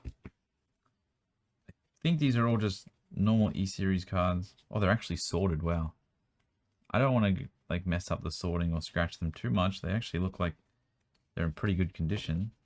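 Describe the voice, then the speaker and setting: A young man with a strained, worn-out voice, chatting quickly as he sorts through a card collection at home, with bursts of excitement. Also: deep voice. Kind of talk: casual running commentary while sorting cards. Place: room at home.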